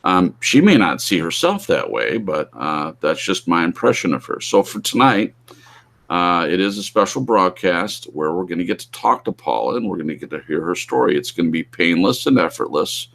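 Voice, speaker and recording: Low-voiced man hosting a live stream. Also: very animated, normal speed, vocal fry, a bit bright. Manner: rambling, many fillers and restarts. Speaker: host. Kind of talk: casual live-stream talk.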